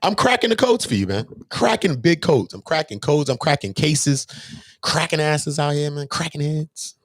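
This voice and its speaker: Animated man ranting to his viewers. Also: normal speed, dry recording. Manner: emphatic, preachy, full of rhetorical questions; swings between loud bursts and low mutters. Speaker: channel host. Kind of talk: unscripted monologue to viewers.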